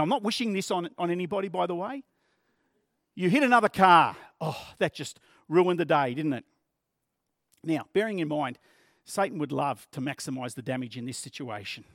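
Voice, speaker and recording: A man's voice: sits high, no echo, clean studio sound. A man preaching a sermon as pastor, earnest and plain-spoken, using vivid everyday examples.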